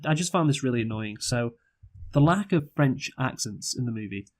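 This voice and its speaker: A man in relaxed conversation about a film, his speech full of "you know" and "like", stumbling restarts, and the odd curse. His pitch sits in an ordinary middle range for a man. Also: a little fast. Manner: rambling, profane, lots of fillers and restarts. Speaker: podcast co-host, film reviewer. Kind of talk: casual review chat.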